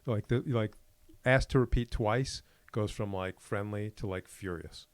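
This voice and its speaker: A middle-aged man tells anecdotes on a podcast in a lowish voice. He acts out the other people in the story as he goes and swings between a hushed and a lively delivery. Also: measured pace. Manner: animated storyteller, acts out exchanges. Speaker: podcast co-host. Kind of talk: casual podcast chat.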